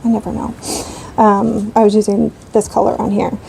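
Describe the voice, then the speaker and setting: A woman's voice: medium pitch, little pitch movement, normal speed, gravelly, warm tone, slight background noise, low-quality recording. A woman in her thirties chatting casually while she colors, rambling with lots of fillers. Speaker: coloring channel host.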